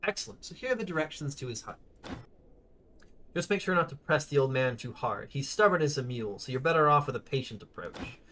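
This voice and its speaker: A man's voice: mid-range voice, expressive, a little fast, pushed and bright, slight background noise. A man reading the lines of a mild-mannered bald village priest in a game, earnest and explaining.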